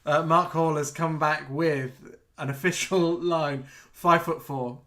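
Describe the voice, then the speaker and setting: A man's voice: on the high side, steady tone, slow, pushed and bright. A man co-hosting a live chat show, rambling and giggly in casual talk.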